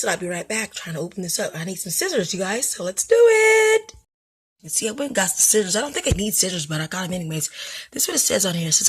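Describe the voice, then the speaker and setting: A woman hosting her own craft channel, chatting excitedly and self-deprecatingly to viewers in a casual unboxing vlog. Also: medium pitch, slightly rough. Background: people upstairs making noise.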